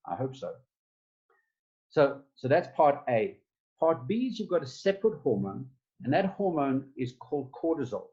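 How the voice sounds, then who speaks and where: A man's voice: medium pitch, mellow, dull audio. A man giving a conversational online talk, often repeating words as he thinks. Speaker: speaker giving a stress management talk. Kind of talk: webinar presentation. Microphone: computer mic on a video call.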